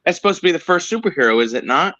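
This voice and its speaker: A man's voice: high-pitched, expressive, racing, pushed and bright, dry recording. A man co-hosting a casual chat show, talking in a chatty, joking way and swearing now and then. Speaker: podcast co-host. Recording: dull, dry lo-fi sound.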